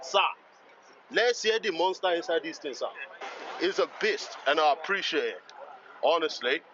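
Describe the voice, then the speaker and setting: A man's voice: on the high side, normal speed, a bit bright, lo-fi sound, slight background noise. A man vlogging as he walks around a rainy outdoor car meet, hyped and exclamatory, repeating himself as he points things out. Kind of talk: excitable walkaround vlog.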